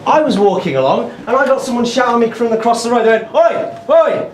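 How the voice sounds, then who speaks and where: A man's voice: very high-pitched, quick pace. A British man performing a stand-up comedy set, telling stories and chatting with the crowd. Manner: animated, excitable storytelling. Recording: live set with clear background noise.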